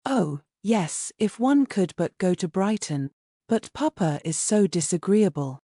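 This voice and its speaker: A woman's voice: medium pitch, animated, unhurried, warm tone, dry recording, studio quality. A woman voicing a peevish, jealous young girl in a storybook, whining about unfairness.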